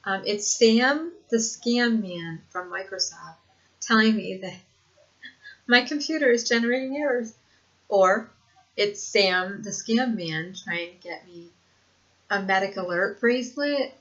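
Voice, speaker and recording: A woman's voice: mid-range voice, measured pace, fairly bright tone. An older woman talking earnestly in a casual home video monologue, repeating herself for emphasis and laughing often. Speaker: vlogger sharing lived experience. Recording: dull lo-fi home recording.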